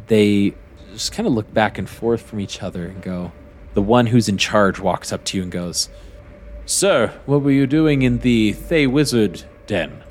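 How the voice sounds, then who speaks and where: Low-voiced man running a tabletop game. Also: slight background noise. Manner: calm, measured, many fillers. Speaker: game master.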